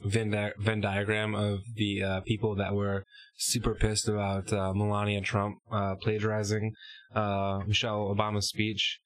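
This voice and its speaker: A man on a podcast talking politics casually, halting with lots of fillers. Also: fairly low pitch, monotone, dry recording. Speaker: podcast co-host.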